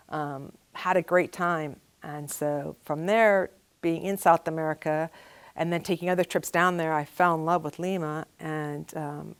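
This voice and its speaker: A woman's voice: on the low side, smooth. An older woman, a retired pilot, recounting her career in an oral history interview, chatty and full of ums, acting out the people she quotes. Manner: chatty storyteller, acts out quoted dialogue, many ums.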